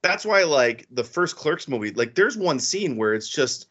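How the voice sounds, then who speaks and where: A man co-hosting a podcast in a casual, profane, animated way, laughing often. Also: fairly high pitch, unhurried, breathy edge. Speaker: podcast co-host. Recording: dull lo-fi sound.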